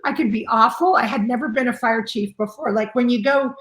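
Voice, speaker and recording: A woman's voice: a little high, brisk, fairly bright tone. A woman in her sixties, a fire chief guest, telling stories in a rambling conversational way with many fillers. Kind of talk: conversational storytelling. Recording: roomy echo.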